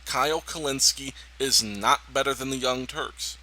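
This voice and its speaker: A man giving indignant, emphatic political reaction commentary on a video clip, pausing to talk over it. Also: mid-range voice, sharp tone, a little hiss or hum, rough recording.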